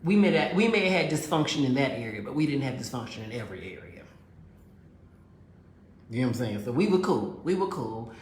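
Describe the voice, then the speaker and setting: A woman with a rumbling low voice tells a relationship story at a brisk, very animated clip, playing both sides of the conversation. She gives advice directly, calling her listeners girls and honey, and the recording has a roomy echo.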